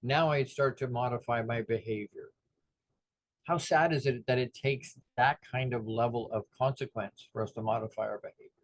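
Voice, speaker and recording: Middle-aged male motivational speaker, mid-range voice, lively storytelling that slips into character voices, close and dry sound. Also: mid-range voice, moderate pace, dry recording. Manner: animated, acts out the voices of people in his stories.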